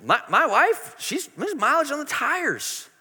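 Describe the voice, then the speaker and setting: A man's voice: very high-pitched, huge pitch swings, a little slow, sharp tone, in a large hall, pitched above the performer's own voice, exaggerated voice. A man voicing a doubtful old priest who protests that he is too old to have a son. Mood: incredulous.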